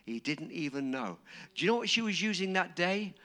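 A man preaching a sermon, dramatic and storytelling, acting out quotes and rising to shouts. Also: sits high, very animated, fairly quick.

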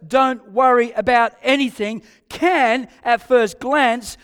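A man with an Australian accent delivers an emphatic sermon as pastor, his voice pitched very high for a man. He hammers home repeated phrases, rising loud then dropping quiet. The church sound carries a long, lingering hall reverb. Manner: emphatic preaching with repeated phrases and swings between loud and hushed.

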